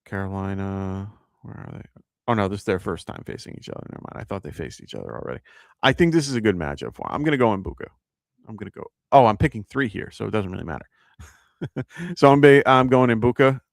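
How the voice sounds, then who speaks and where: A man's voice: lowish voice, sing-song, fast talker, vocal fry, no room sound, studio quality. A man with a New York accent hosting a live fantasy football show, chatting casually, thinking aloud with fillers and reading out viewer questions. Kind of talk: live-stream fantasy advice chat.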